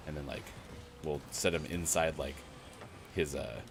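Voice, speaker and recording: A man's voice: a bass voice, steady tone, measured pace, creaky, noisy background. A middle-aged man co-hosting a morning gaming show, rambling casually with lots of fillers and chuckles. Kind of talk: casual chat while gaming.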